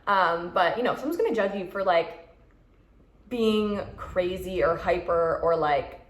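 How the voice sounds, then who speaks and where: A woman's voice: lowish voice, expressive, a little slow. A young woman vlogger giving frank, chatty advice and acting out quoted thoughts. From Canada. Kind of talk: casual advice chat. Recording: roomy echo.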